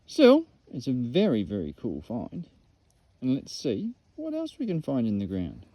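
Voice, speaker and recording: An Australian man excitedly showing off metal detecting finds at an old rubbish dump, in a casual outdoor vlog full of slang. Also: mid-range voice, unhurried, slight background noise.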